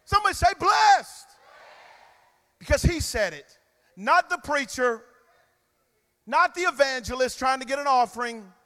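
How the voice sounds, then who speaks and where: High-voiced preacher in an echoing hall. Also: male voice, moderate pace, pauses often, some chatter behind. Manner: emphatic call-and-response preaching with sudden loud and quiet swings. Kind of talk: sermon. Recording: long reverb of a large hall.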